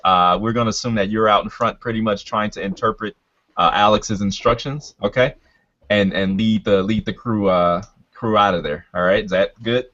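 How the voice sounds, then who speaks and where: Low-voiced game master, halting and muffled. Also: male voice, steady tone, a bit bright. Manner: halting, many fillers and restarts. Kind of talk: narrating a tabletop game.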